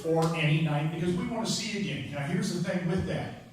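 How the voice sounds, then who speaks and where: A man's voice: fairly high pitch, a little fast. A man doing a stand-up comedy set on a club stage, telling stories in a conversational way with punchy asides. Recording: echoey club, distant mic, crowd noise. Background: audience laughter.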